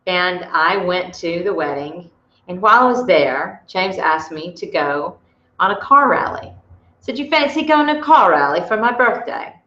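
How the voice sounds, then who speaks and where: Roomy, dull audio captures a woman with a fairly low, slightly bright voice leading a motivational workshop. She's chatty, tells personal stories and keeps restarting.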